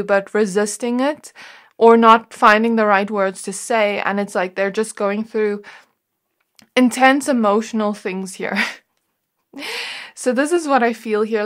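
A woman reads tarot cards for her viewers and talks softly through what she senses. Her voice sits at a middle pitch and her tone is gentle and reflective. She muses along in a loose way, with plenty of "like" and "you know". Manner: gentle, reflective, musing with frequent "like". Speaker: tarot reader. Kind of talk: intuitive tarot reading to camera.

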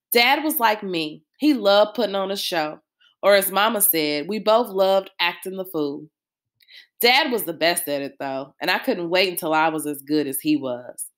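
A woman reading a novel aloud with expressive storytelling. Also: mid-range voice. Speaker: reader.

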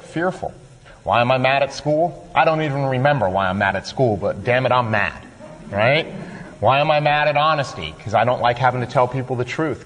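A man leading a workshop, talking a group through written steps in a plain-spoken way. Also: medium pitch. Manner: plain-spoken, role-plays his own grudges. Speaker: workshop leader. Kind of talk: instructional talk to a group. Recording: long hall reverb.

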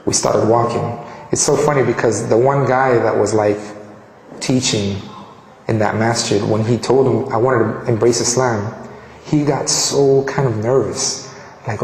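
A man from Colombia telling his personal story in an animated way, often restarting his sentences. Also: mid-range voice, a little slow, slight background noise. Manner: animated, frequent restarts and fillers. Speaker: convert giving a testimony. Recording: echoey hall with long reverb.

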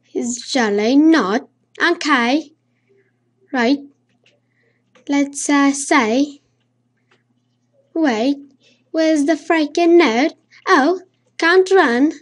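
A woman, not a native English speaker, commenting on a horror game she is playing, jittery and swearing a lot, humming nonsense to stay calm. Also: high voice, drawn-out words, long pauses. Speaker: let's play gamer.

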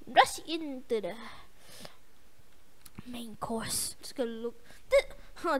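A young woman hosting a gaming channel, giving casual, excitable gameplay commentary with a voice going hoarse. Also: fairly high pitch, takes it slowly, noisy background. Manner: excitable, yelps and trash-talks the game.

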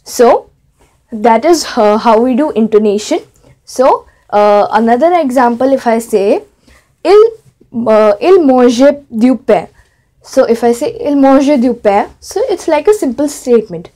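A woman with a high voice teaches a French grammar lesson, speaking in English. She explains each point step by step and opens many sentences with "so", with some small fillers along the way. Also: expressive, measured pace, dark tone. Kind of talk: online language lesson.

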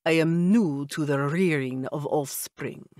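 A man's voice: on the high side, a little mellow, dry recording, studio quality, close to an everyday voice. Woman voicing a stiff winged creature with a vampire accent. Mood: earnest. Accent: old-world vampire accent. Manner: stiff formal speech, slow and deliberate. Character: winged male creature, new father, formal. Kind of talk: audiobook character voice.

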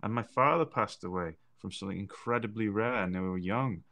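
A man's voice: lowish voice, a little fast, sharp tone. A man co-hosting a podcast, talking earnestly and repeating phrases for emphasis. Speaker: podcast co-host. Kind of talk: casual conversational chat.

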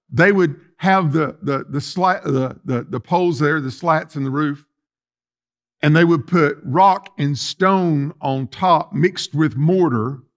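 A male pastor preaches in a fairly high voice. He is folksy and animated, swinging from loud emphasis to quiet asides while he talks straight to his congregation. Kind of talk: sermon.

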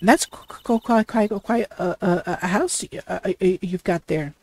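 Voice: mid-range voice, measured pace, darkish tone, slight background noise, close to an everyday voice. A gamer voicing a nervous young male defense attorney, hesitant and flustered, with heavy stutters while reading game dialogue aloud. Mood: polite.

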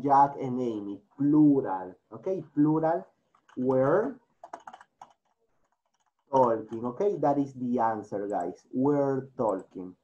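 A man's voice: mid-range voice, dark tone. A teacher with a Latin American Spanish accent, speaking English as a second language, coaxing his class through a grammar lesson, repeating answers and slipping into Spanish. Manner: repeats and coaxes students, mixes in Spanish. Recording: dull lo-fi recording.

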